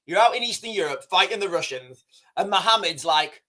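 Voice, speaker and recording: A man's voice: sits high, expressive, brisk, pushed and bright. A man hosting a casual livestream, rambling, repeating himself and talking straight to his chat. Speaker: livestream host.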